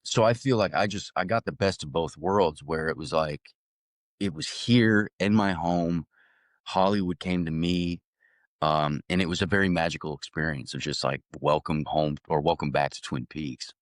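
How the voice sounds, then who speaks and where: Low-voiced man telling an animated story. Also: moderate pace, no echo, clean studio sound. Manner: animated, laughs often, many restarts. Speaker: actor guest. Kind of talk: casual storytelling.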